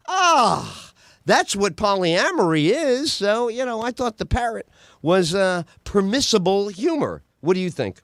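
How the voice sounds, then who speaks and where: High, lively comedian hosting a podcast. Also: male voice, unhurried, no room sound, clean studio sound. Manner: animated, tells jokes and laughs at his own bits. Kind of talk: energetic comedic podcast chat.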